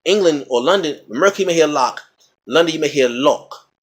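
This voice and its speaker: A man's voice: a little high, expressive, racing. A man casually explaining battle rap rhymes in a teacherly way, repeating example words and checking in with "okay?".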